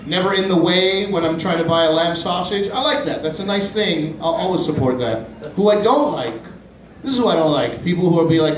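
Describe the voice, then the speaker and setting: A man in his thirties doing a stand-up comedy set in a small club, animated and quick to jump into high-pitched voices for his bits. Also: a little hiss or hum. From Pakistani family, grew up in Canada. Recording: roomy club from a distant mic.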